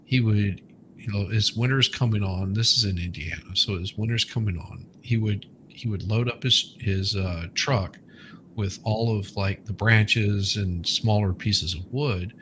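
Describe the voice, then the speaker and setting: A man's voice: lowish voice, a little slow, noisy background. A man co-hosting a casual chat, telling a rambling story from memory. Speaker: co-host.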